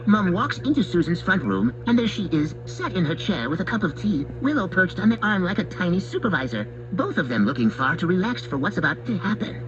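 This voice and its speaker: A man telling comic stories in the first person as a mischievous pet cat, in a wry, mock-serious, deadpan manner. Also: high voice, fairly quick, hardly any pauses, muffled recording. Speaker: narrator speaking as a pet cat. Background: background music.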